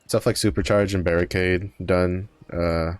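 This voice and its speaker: In a low, steady, unhurried voice with a clean tone and no room sound, a man offers casual commentary while streaming a game. He rambles, uses lots of fillers, corrects himself often, and yawns from tiredness.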